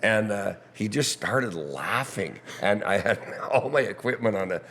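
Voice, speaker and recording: A man's voice: lowish voice, lively intonation, a little slow, fairly bright tone. A middle-aged man, a guest musician, telling stories with lots of laughs over drinks in the back bar of a pub. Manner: storytelling, laughing often. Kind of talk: casual chat over drinks.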